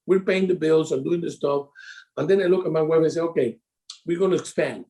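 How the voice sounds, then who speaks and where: A middle-aged man with a Latino accent telling his story on a call, animated and in broken English. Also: fairly high pitch, fairly quick. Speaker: insurance advisor. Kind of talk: casual call talk.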